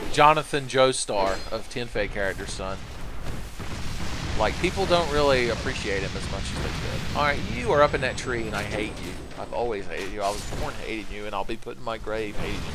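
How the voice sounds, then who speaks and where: A man's voice: medium pitch, animated, normal speed, heavy background noise. Rambling, profane young male gamer. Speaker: streamer. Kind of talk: casual gameplay commentary.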